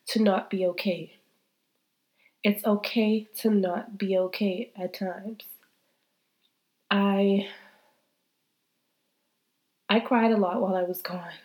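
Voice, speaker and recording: A woman's voice: mid-range voice, mellow. A woman in her thirties hosting a faith-based podcast, speaking candidly and heartfelt, still congested from a cold. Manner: heartfelt, repetitive, talks straight to listeners. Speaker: podcast host.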